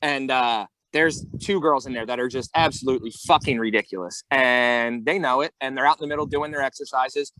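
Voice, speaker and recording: A man co-hosting a podcast in casual chat, an animated storyteller who acts out voices and swears. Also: medium pitch, brisk, hardly any pauses, no room sound, poor audio. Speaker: podcast co-host.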